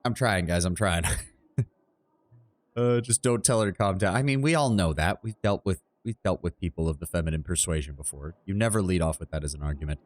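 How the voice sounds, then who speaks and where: A man's voice: sits low, a little fast, no room sound. A man casually thinking aloud while streaming a game from his apartment, self-deprecating and full of restarts. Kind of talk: casual livestream commentary.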